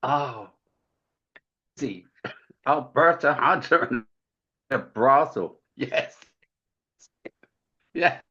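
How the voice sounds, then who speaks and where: A man's voice: medium pitch, animated, drawn-out words, long pauses, bright, forceful tone, lo-fi sound. A man being interviewed as an author guest, telling witty anecdotes in a campy way and chuckling often. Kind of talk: casual interview chat.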